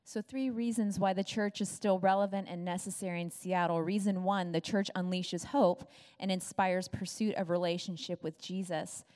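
A woman's voice: lowish voice, steady tone, moderate pace, darkish tone. A woman preaching a sermon, laying out points and teaching through scripture. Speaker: pastor. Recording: reverberant church hall.

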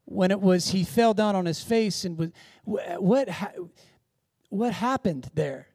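A male pastor delivers a sermon in a notably high voice. He moves between hushed, intimate passages and loud, emphatic exclamations. The recording is dry and close, with little room sound. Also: a little slow, no echo. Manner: dynamic preaching, swinging from hushed to loud exclamations. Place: church in Seattle.

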